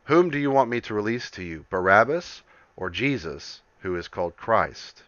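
A man's voice: lowish voice, expressive, moderate pace, a bit bright, no room sound, lo-fi sound. Man reading as an uneasy Roman governor. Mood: questioning.

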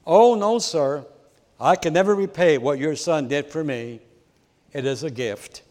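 A man voicing an earnest, grateful young male soldier, humble and quietly sincere, heard with the long reverb of a large hall. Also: on the high side, unhurried, lightly acted.

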